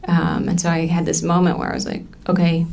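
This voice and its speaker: A woman in her thirties testifying in a courtroom, halting and full of ums as she recounts what happened. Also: fairly low pitch, completely flat delivery, vocal fry, darkish tone. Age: 30s. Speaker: trial witness.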